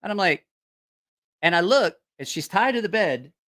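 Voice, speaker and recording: A man tells a story in a loose, rambling way, full of swearing and restarts. He sounds casual and animated, like a channel host chatting with his viewers. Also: high voice, normal speed. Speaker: host of a knife-sales channel.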